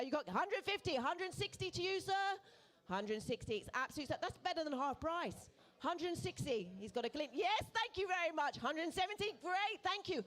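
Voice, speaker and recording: A woman running a live charity auction in a pub, calling bids in a brisk, coaxing, playful way. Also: sits high, a bit bright. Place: pub event room.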